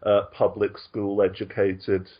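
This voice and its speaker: A man's voice: fairly low pitch, completely flat delivery, measured pace, slightly rough, dull audio. A man co-hosting a casual podcast chat over an online call, laughing often and restarting his sentences. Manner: chatty, laughs often, frequent ums and restarts. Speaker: podcast co-host.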